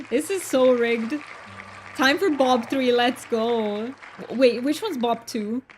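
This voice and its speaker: Chatty, giggly woman streamer talking to her chat; pitched a bit high, light music underneath. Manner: chatty, giggly, thanks viewers by name. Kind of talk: casual livestream chat.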